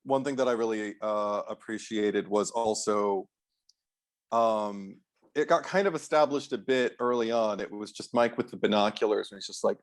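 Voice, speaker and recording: A man's voice: lowish voice, normal speed. A man co-hosting a film podcast in casual chat, rambling enthusiastically with many fillers. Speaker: podcast co-host.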